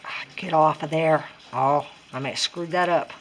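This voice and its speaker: A woman's voice: low voice, moderate pace. A woman talking casually through a craft tutorial, chatty and self-deprecating as she works things out aloud. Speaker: crafting vlogger.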